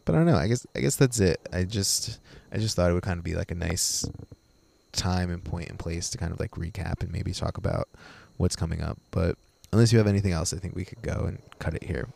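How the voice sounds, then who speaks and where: A man's voice: deep voice, brisk, gravelly, a little mellow, a little hiss or hum. A man co-hosting a podcast, casually telling a story with lots of fillers and restarts. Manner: rambling storyteller, heavy on fillers. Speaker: podcast co-host. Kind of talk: casual chat.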